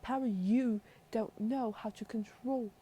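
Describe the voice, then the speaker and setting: A woman voicing a proud, scornful queen mother with a put-on British accent in a soft whispered role-play. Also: on the high side, steady tone, a little slow, a little hiss or hum, close to an everyday voice. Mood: stern. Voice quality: imperious, scornful.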